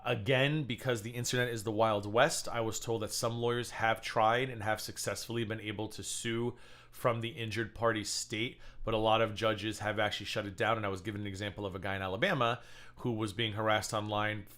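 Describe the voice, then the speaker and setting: A man's voice: on the low side, little pitch movement, a little fast, fairly bright tone. A man co-hosting a live stream, giving heated, profane drama commentary. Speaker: stream co-host.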